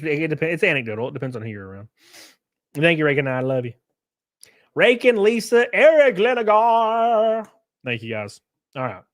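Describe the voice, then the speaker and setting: A man's voice: medium pitch, no room sound, clean studio sound. A man hosting a casual live stream, rambling through effusive thanks to viewers and reading a story aloud.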